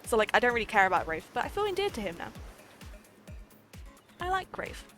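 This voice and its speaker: A giggly woman streamer chatting casually over a dating game. Her voice is fairly high and lively. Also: a little fast, soft background music.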